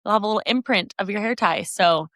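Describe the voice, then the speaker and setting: A woman's voice: medium pitch, fast, a bit bright, dry recording, studio quality. A woman co-hosting a podcast, chatting casually in an easygoing, laughing way. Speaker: podcast co-host. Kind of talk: casual chat.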